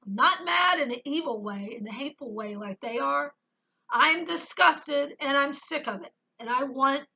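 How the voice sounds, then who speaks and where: A woman's voice: high voice, animated, normal speed, bright, forceful tone, dull audio. A woman giving an emotional personal testimony as a Christian vlogger, speaking emphatically and reading scripture aloud with rising intensity.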